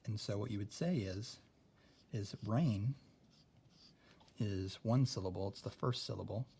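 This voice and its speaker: Speaking with a fairly low, creaky voice that's a little mellow and slightly rough, a man walks through a recorded spelling lesson. His explanations are slow and patient, and he checks in with "okay?" after almost every point.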